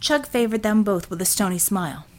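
A woman narrating a story for an audiobook, in an expressive storytelling manner. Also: medium pitch, fairly quick.

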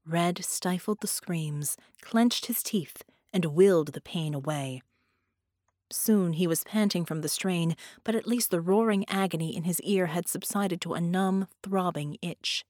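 A woman reading a science-fiction story aloud as narrator, in a steady storytelling manner. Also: fairly low pitch, unhurried, no echo, studio quality. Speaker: audiobook narrator. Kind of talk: scripted narration.

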